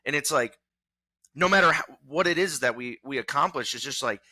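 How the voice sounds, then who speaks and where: Young male guest, amped and swearing freely, sharp bright tone, mid pitch. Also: animated, moderate pace, no echo. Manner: fired-up, profane, rambling with restarts. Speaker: podcast guest, former college wrestler. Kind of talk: casual interview talk.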